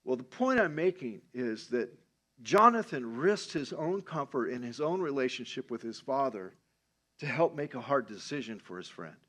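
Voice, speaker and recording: A man pastor preaching a sermon in a lively, conversational storytelling way. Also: mid-range voice, moderate pace.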